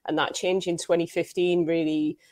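A woman's voice: on the low side, flat delivery, moderate pace, darkish tone. A woman answering questions as a guest in an interview, in a casual, thoughtful way. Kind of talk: conversational interview.

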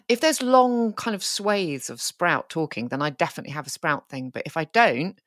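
Low-voiced chatty woman podcast host. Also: expressive, moderate pace, a bit bright, no echo, clean studio sound. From United Kingdom. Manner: chatty, rambling with fillers. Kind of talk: casual chat.

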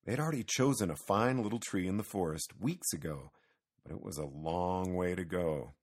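A man reading a children's Christmas story aloud with lively, expressive storytelling. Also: low-pitched, moderate pace. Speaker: narrator.

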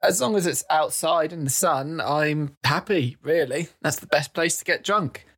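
A man chatting casually as a podcast guest, relaxed and laughing at his own stories. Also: a little high, moderate pace, breathy edge. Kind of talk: casual chat.

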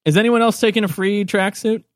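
A man with a fairly high voice narrates a tabletop game as game master. His manner is relaxed and he laughs often, and the room sounds dry. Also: a little fast, dry recording.

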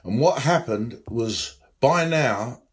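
A man's voice: medium pitch, expressive, slow pace. A middle-aged man, a former nightclub security boss, telling his story in an interview with frank, rambling restarts.

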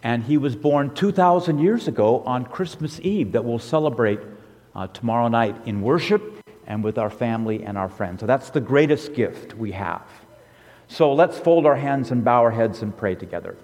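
A middle-aged man who is a pastor, leading a children's sermon and prayer in a gentle, conversational way. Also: medium pitch, animated, moderate pace. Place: church sanctuary. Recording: long reverb of a church hall.

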